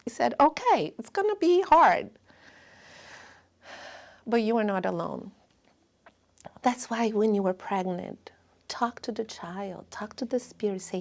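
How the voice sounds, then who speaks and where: Lady giving a spiritual talk, higher voice, speaks slow and gentle, non-native english, sometimes almost whispering. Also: animated. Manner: earnest, slow and gentle, often dropping to a hush. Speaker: spiritist lecturer. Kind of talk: spiritual lecture.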